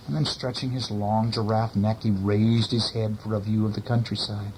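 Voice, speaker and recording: A man's voice: fairly low pitch, little pitch movement, normal speed, few pauses, darkish tone, a little hiss or hum, rough recording. A man reading a bedtime story to a child, with casual, chatty asides to the listener.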